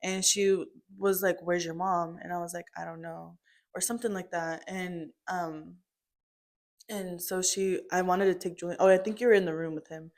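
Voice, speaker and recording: A woman's voice: on the low side, fairly even intonation, normal speed, a little mellow. A young woman telling her mother a family story in casual chat, full of "like" and "um" fillers.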